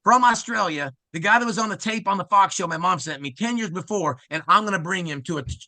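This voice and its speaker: A middle-aged man from Ohio, excitedly telling his conversion story as an interview guest and acting out the quoted speech of others. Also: high-pitched, no room sound. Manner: excited, acts out quoted speech, fast asides.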